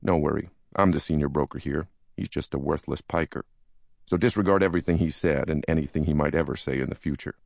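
Man voicing charismatic big-shot broker, soothing but crude, very deep voice. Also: quick pace, gravelly, a little mellow, no room sound, clean studio sound, full character voice. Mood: brash. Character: charismatic male senior stockbroker, big and brash.

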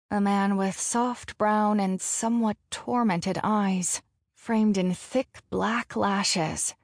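A woman narrating a first-person audiobook in a slow, measured delivery, frank and casually profane. Her voice sits at a middling pitch and is recorded close on a studio mic. The sound is very dry. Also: dry recording.

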